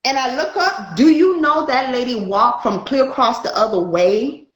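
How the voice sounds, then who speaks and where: A woman who works as a spiritual light worker tells a story in casual chat, animatedly acting out the dialogue. Her voice is fairly high and moves at normal speed, captured in a reverberant, rough recording.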